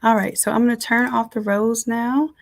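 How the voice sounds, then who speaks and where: Chatty woman teaching with a gravelly edge. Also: on the high side, fairly even intonation, moderate pace. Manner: casual, chatty, talks to viewers as "y'all". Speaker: design instructor. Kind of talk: live screen-share software tutorial. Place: at home.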